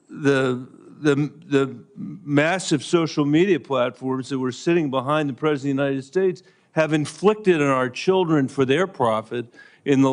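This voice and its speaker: A man, a senator, questioning a nominee at a hearing in a pointed, insistent yes-or-no manner. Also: a little high.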